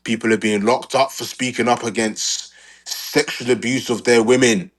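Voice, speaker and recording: A man from Nigeria, talking in lively live-show debate banter. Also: mid-range voice, moderate pace. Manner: animated, playful, mimics voices.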